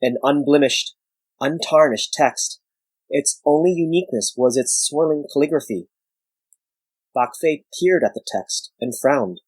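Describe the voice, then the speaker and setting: A man giving measured scripted narration of a story. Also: on the high side, a little mellow, slightly rough, no room sound, low-quality recording.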